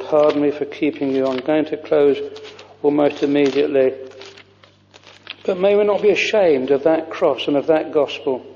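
A man's voice: on the high side, moderate pace, darkish tone, long reverb tail, dull audio. A man preaching a fervent, old-fashioned sermon, weaving hymn lines into his words. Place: church.

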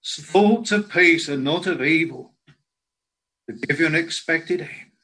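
A man preaching a sermon in a slow, earnest way, quoting scripture in old biblical language. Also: on the high side, sharp tone, low-quality recording.

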